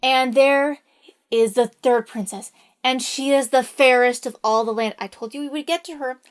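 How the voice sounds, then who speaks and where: Playful storyteller, casual retelling with wry asides; woman, high voice. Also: steady tone, normal speed, smooth. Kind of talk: casual fairy tale retelling.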